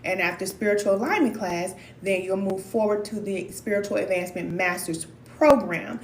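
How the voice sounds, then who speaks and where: A woman's voice: mid-range voice, normal speed, roomy sound, a little hiss or hum. A woman from Missouri giving a blunt, emphatic motivational talk as a spiritual life coach.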